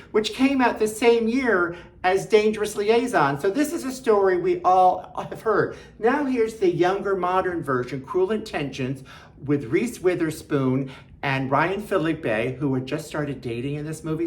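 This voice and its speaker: A woman hosting a show of film recommendations, chatty and enthusiastic, with jokey asides. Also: sits low. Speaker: film reviewer host.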